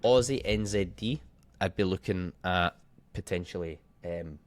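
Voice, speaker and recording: Man, trading coach, casual walkthrough, thinks aloud, swears now and then, lowish voice. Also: unhurried. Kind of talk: casual screen-share market walkthrough.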